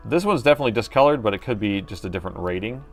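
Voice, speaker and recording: Middle-aged man, lowish voice, live-stream host, chatty, thinking aloud, joking, faint background music. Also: expressive, rapid-fire. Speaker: host and laptop repair technician. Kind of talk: live-stream repair commentary.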